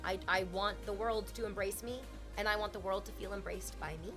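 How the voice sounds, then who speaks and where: A young woman streamer chatting openly with her viewers, swearing freely and laughing loudly. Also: mid-range voice, steady tone, fairly quick, music in the background. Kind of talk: casual chat with stream chat.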